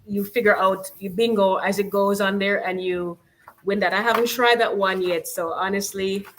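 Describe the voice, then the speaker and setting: A Jamaican woman with a medium-pitched voice and a Jamaican accent hosts a casual live stream on her channel. She chats loosely, peppering her talk with "you know" and "like," over a faint hiss or hum.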